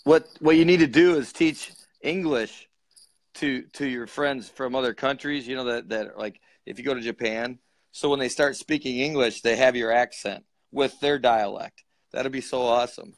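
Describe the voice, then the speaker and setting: A man's voice: medium pitch, normal speed, dry recording. Guy cohost cracking jokes, mid voice, dry no-room sound on a video call. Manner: joking, laughs easily. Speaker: co-host. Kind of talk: casual live-stream chat.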